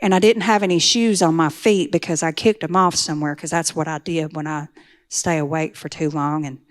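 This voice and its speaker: Speaking in a low, steady, brisk voice, a middle-aged woman gives a personal testimony about her recovery. Her earnest account gradually builds to pleading intensity.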